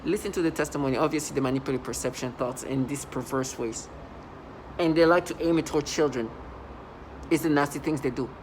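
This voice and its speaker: A man talking in a rambling vlog monologue, halting and restarting, with sudden loud agitated outbursts. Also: fairly high pitch, slight background noise, rough recording. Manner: halting, many restarts and fillers. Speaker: vlogger.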